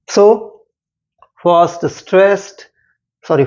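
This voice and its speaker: Slow, repetitive male teacher. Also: high-pitched. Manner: slow, repetitive, stressing syllables aloud. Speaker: English literature teacher. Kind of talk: poetry lesson explanation. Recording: dull lo-fi sound.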